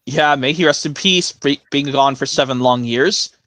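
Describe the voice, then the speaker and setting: A man's voice: mid-range voice, normal speed, a bit bright, no room sound. A man hosting an online stream, rambling enthusiastically about cartoon episodes. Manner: rambling, enthusiastic fan talk. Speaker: stream host. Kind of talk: casual chat.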